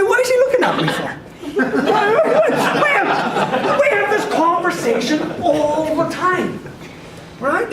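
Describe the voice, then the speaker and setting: A man gives an animated motivational talk to a live audience. His voice sits high and swings widely as he laughs and acts out quoted voices. He is caught from far off in an echoey hall with a clear hum of room noise. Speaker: sports psychology speaker.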